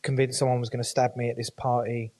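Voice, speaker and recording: A man talking as a podcast guest. He rattles through his stories at a quick clip, animated and peppered with swearing. His pitch sits in the ordinary middle for a man. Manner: animated storytelling, frequent swearing. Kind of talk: casual chat.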